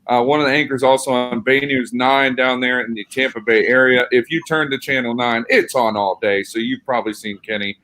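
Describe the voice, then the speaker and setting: Male podcast host, upbeat and joking, medium pitch, casual chat. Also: steady tone, brisk, hardly any pauses, fairly bright tone.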